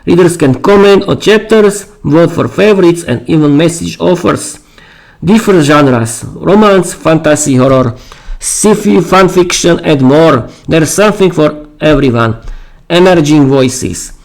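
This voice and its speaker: Hoarse man hosting a live stream. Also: on the high side, expressive, rough recording. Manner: halting, repeats words and restarts. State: losing his voice, clearing his throat. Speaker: podcast host. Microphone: streaming mic.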